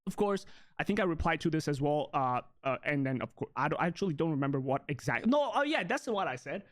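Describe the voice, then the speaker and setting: A man's voice: fairly high pitch, very animated, fast. A man, a content creator, ranting bluntly and confrontationally in a clip, swearing heavily.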